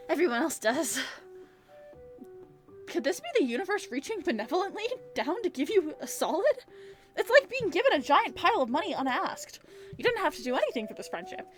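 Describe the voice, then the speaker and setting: A woman hosting a gaming channel, reading a visual novel aloud in an animated, playful way with casual swearing and joking asides. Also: very high voice, fast talker, faint music behind.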